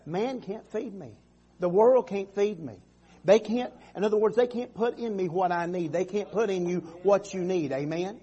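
A man's voice: high-pitched, moderate pace, mellow, slightly rough, highs cut off. A man preaching a sermon as pastor, calling out "Amen" and "come on" and often restarting his phrases. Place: church sanctuary.

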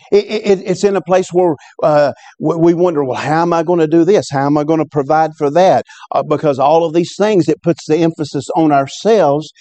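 A man preaching a sermon as a pastor, fervent and repetitive, often rising sharply in pitch when he stresses a point. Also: warm tone, dry recording. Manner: fervent, repeats words, rises in pitch on exclamations. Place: church service.

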